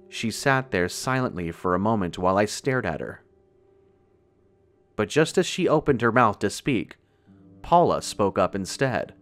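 Male horror narrator, steady first-person read, lower voice. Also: measured pace, faint music behind. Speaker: storyteller. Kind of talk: scripted horror story narration.

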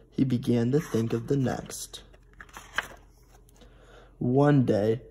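A teenage boy reads a picture book aloud to small children. He speaks slowly and gently, with a mellow, slightly husky voice. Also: mid-range voice. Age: teens. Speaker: storybook reader. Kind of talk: reading a picture book to preschoolers.

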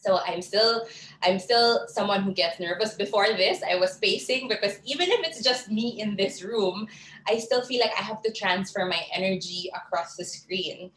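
A young woman with a Filipino accent giving a lively, chatty online talk on public speaking, slipping in Tagalog words, from a small room over a video call. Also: medium pitch, moderate pace. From Philippines. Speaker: guest speaker. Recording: roomy video call with faint background noise.

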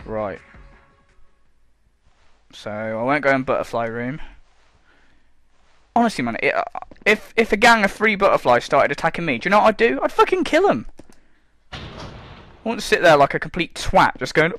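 Sweary sarcastic man, lively pitch. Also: normal speed, long pauses. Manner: sarcastic, sweary, mocking, breaks into squeaky mock voices. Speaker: gameplay commentator. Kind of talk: casual let's play commentary.

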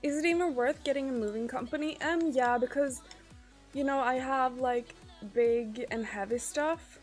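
A woman's voice: sits high, normal speed, faint music behind. A woman streamer in casual chat with her viewers. She is chatty, swears often and trails off with fillers.

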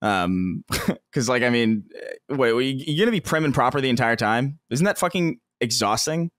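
A man's voice: medium pitch, lively intonation, normal speed, fairly bright tone, no room sound. A man co-hosting a podcast in casual chat, rambling with many restarts and frequent laughs. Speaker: podcast co-host.

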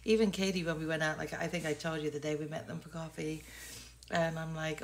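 Low gravelly english lady in her sixties, chatty and self-deprecating, rambles on. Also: fairly even intonation, a little fast, a little hiss or hum. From England. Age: 60s. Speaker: vlogger. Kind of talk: casual vlog chat.

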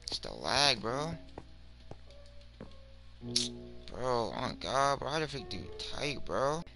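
A young man giving slangy, rambling commentary over his game, swinging from mumbles to shouts. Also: medium pitch, very animated, slow, over music. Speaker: gaming video creator. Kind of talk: casual gameplay commentary.

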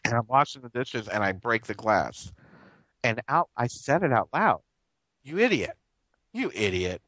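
A man's voice: mid-range voice, lively intonation, normal speed, pushed and bright, no echo, poor audio. A man hosting a live radio talk show, talking earnestly and rambling, with frequent restarts and chuckles.

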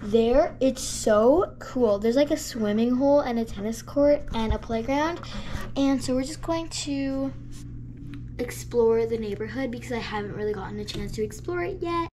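A woman's voice: a little high, normal speed, dark tone, a little hiss or hum. A woman vlogging in a casual, chatty way, with lots of "like" and "um" as she shows what she is doing. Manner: chatty, filler-heavy, with lots of "like" and "um". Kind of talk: casual vlog talk.

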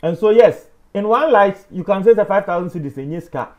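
A man with a Ghanaian accent giving opinion commentary on the news, emphatic and animated, swinging between loud and soft. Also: high voice, fairly quick, lo-fi sound.

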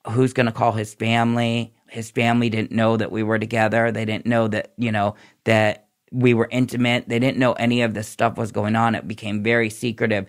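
A man recounting his past in a candid, tumbling way as a podcast guest. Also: on the low side. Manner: candid, tumbling run-on storytelling. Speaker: podcast guest, former nurse. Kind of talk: personal recovery story in a podcast interview.

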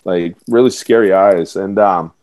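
A man's voice: deep voice, a little slow, a little mellow. Laughing man telling hockey stories. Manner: laughs through anecdotes, acts out quotes. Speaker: guest, former hockey player. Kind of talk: casual storytelling.

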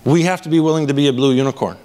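A man speaking from a conference stage, energetic, casual and blunt, often asking the audience "right?". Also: a little high, very fast. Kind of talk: live keynote talk.

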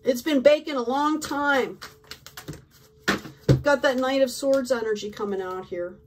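A woman's voice: high voice, measured pace, far from the mic, noisy background. A woman giving a casual tarot reading, talking effusively and peppering her speech with "like", "right?" and "okay?". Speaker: tarot reader.

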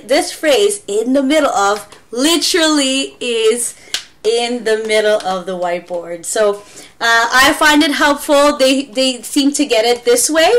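Woman ESL teacher, unhurried and fairly high-voiced, casual chatty demo. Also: fairly bright tone. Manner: chatty, demonstrates with exaggerated gasps and wows.

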